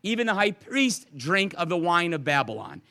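Male pastor, conversational verse-by-verse sermon, earnest and animated; bright, forward tone. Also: high-pitched, moderate pace.

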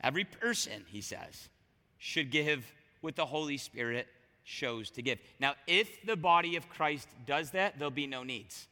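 Bright-voiced man preaching in a hall. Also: fairly high pitch, measured pace. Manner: conversational and animated, with repeated restarts. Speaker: pastor. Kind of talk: sermon.

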